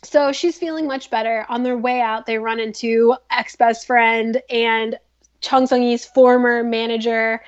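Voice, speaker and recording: A woman's voice: fairly high pitch, fairly even intonation, measured pace, highs cut off. A woman hosting a podcast, recapping a drama in a chatty, filler-heavy way. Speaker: podcast host. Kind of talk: casual drama recap chat.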